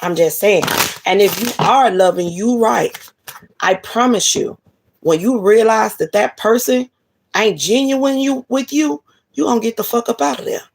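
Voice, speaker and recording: Gravelly blunt woman giving advice. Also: fairly high pitch, moderate pace. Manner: blunt, profane, preachy. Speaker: spiritual reader. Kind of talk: casual advice monologue.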